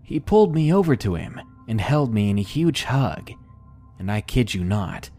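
A man narrating a scary story in slow, expressive storytelling. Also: medium pitch, faint music behind. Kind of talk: scripted horror story narration.

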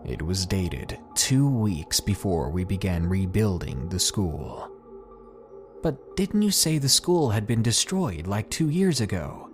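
A man voicing a gruff, chain-smoking old great-uncle with a raspy voice, speaking slowly and bluntly in a storybook reading. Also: fairly low pitch, very animated, faint music behind. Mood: grim. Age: older. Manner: slow, blunt and snappish.

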